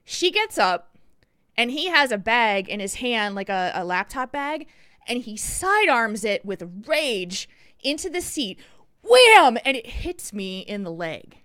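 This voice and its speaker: A woman podcast co-host telling a story in casual chat, animated and acting out the people in it. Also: a little high, unhurried, dry recording, clean studio sound.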